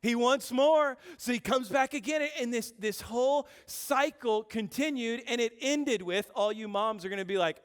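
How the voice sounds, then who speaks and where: A male pastor in his thirties delivers a sermon in a high, lively voice. He tells stories with animated swings, punching some lines loudly and dropping others to a near hush. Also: normal speed, hardly any pauses. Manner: animated storytelling, swings from loud bursts to quiet intensity. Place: church.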